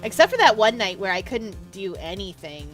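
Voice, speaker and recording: A woman's voice: mid-range voice, very animated, a little fast, a bit bright, soft background music. A young woman streaming a game, chatting casually and rambling through stories with frequent laughs. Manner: chatty, rambling storyteller who laughs often. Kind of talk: casual livestream chat over gameplay.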